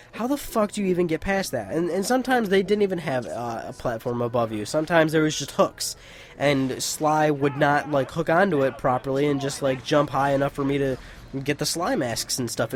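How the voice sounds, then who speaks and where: A young man giving casual let's play commentary, rambling and chatty and swearing freely. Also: fairly high pitch. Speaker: gaming YouTuber.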